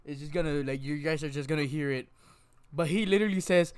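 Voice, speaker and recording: A man's voice: on the high side, moderate pace, smooth, no echo. A young man, hosting a casual podcast chat and telling stories animatedly. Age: young adult. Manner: animated storyteller, bursts into loud laughter. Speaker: podcast host.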